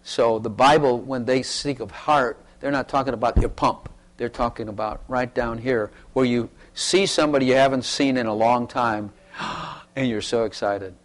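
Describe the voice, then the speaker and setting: A man's voice: medium pitch, fairly even intonation, moderate pace, few pauses. A man pastor preaching a sermon and calling for testimonies, talking in an emphatic way that repeats its points.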